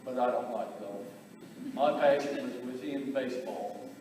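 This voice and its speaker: A man giving a eulogy for his brother, telling family stories in a halting way, repeating words and chuckling. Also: mid-range voice, darkish tone, slight background noise. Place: memorial gathering in a large hall. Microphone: distant camera. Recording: echoey hall from far off.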